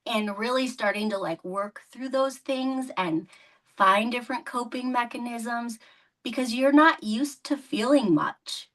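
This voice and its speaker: Chatty, bright-voiced woman podcast host. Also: on the high side, measured pace. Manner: chatty, laughs often, many "like" fillers. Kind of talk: casual interview chat.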